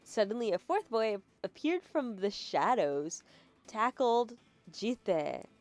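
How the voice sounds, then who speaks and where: A woman's voice: a little high, big pitch swings, takes it slowly, darkish tone. A woman streamer casually live-translating a game, with chatty, laughing asides. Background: game music.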